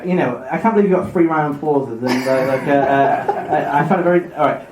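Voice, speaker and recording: Guy, high bouncy voice, keeps stumbling and giggling, live podcast, echoey hall. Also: a little fast. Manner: stumbling, giggly, lots of restarts. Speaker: podcast host and narrator. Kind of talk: live comedic mythology retelling. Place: live event venue. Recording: echoey live room with crowd ambience.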